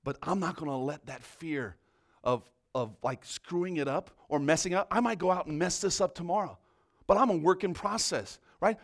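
A male preacher with a high voice delivers a fervent sermon. He keeps asking "right?" and swings from raised, urgent exhortation down to hushed prayer. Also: moderate pace. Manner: peppers talk with "right?".

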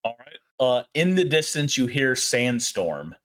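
A man running a tabletop horror game as game master, narrating slowly and laughing often. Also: medium pitch, big pitch swings, fairly bright tone.

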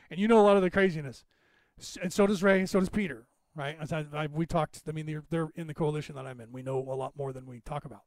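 A man's voice: on the high side, a little mellow, no room sound. A man hosting a podcast, talking in a rambling, emphatic way and calling out listeners by name. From Northern California. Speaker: podcast host. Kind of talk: casual monologue to listeners.

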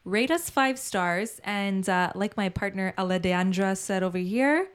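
A woman's voice: medium pitch, a little slow, clean tone. Joking woman podcast co-host. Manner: joking, animated storyteller. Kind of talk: casual chat.

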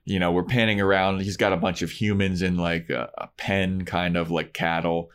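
A man's voice: low voice, moderate pace, clear, resonant tone. A man casually recapping a TV episode on a podcast, acting out scenes in quoted voices. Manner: animated retelling, acts out scenes in quoted voices. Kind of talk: casual chat.

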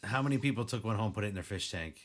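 A man's voice: on the low side, racing. A man co-hosting a casual podcast, teasing his co-host and joking around. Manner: teasing, expressive. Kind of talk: casual chat.

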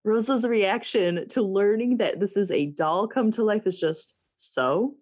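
A woman's voice: medium pitch, unhurried, darkish tone. A woman in casual chat about a movie, laughing easily and making wry quips.

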